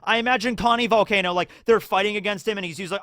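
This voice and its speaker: A man with a fairly high voice talks through a story in a loose, chatty way. He is full of "like" and "you know," and keeps jumping into lively acted-out bits. The sound is dry and close. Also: fast talker, dry recording. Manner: animated, acts out scenes in character voices. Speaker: YouTube host. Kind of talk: casual anime discussion.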